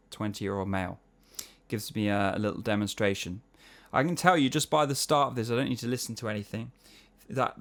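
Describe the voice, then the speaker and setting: Smooth-voiced male singing teacher. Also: fairly low pitch. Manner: explains technique, then sings short vocal exercises to demonstrate; casual, chatty, uses "yeah?" and "man". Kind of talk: online singing lesson answering viewer emails.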